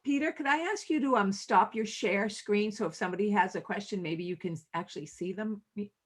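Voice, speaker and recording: A woman's voice: mid-range voice, brisk, husky. A woman moderating an online talk, briefly and politely passing on questions from the audience. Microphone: video call.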